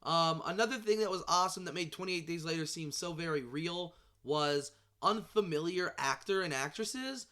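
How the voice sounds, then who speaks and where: A man vlogging about movies in casual chat, excitable and rambling, swearing and tripping over his words. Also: a little high, moderate pace, hardly any pauses.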